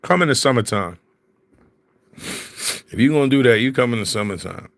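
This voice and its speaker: A man's voice: mid-range voice, expressive, a little fast, vocal fry, dry recording. Philly guy, easy slangy storyteller, dry close sound, mid voice. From Philadelphia. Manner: storytelling, laughs often, slangy. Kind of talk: casual chat.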